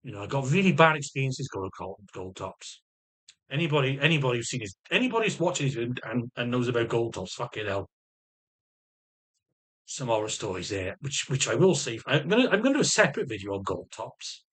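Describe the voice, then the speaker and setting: A man's voice: mid-range voice, sing-song, fairly quick, fairly bright tone, breathy edge. A man giving a ranting personal health update, swearing constantly and circling back over his words. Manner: swears constantly, rambling and repetitive; agitated, defensive rant. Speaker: vlogger.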